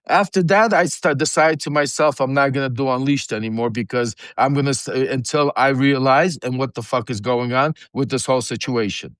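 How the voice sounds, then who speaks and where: A man's voice: mid-range voice, fairly quick, few pauses, a bit bright, no room sound. A man hosting an unscripted livestream, telling a long story in a rambling, profane way, full of fillers and restarts. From Ukraine. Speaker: show host.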